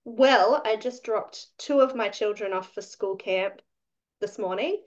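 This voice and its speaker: A woman's voice: medium pitch, measured pace, highs cut off. Australian woman, chatty co-host. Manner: chatty, rambling, trails off. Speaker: podcast co-host. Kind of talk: casual podcast chat.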